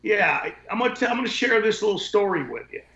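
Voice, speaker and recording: A man's voice: high voice, lively intonation, fast, bright, forceful tone. A man telling casual stories as a podcast guest, blunt and profane, rambling from one point to the next. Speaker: podcast guest, window cleaning business owner. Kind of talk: casual storytelling. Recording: echoey, dull lo-fi sound.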